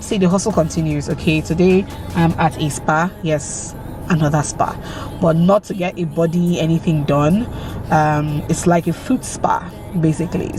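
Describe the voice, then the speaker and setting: A woman in her thirties talking casually to camera as a vlogger, chatty and upbeat, with frequent um fillers. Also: deep voice. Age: 30s. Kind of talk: casual vlog chat to camera.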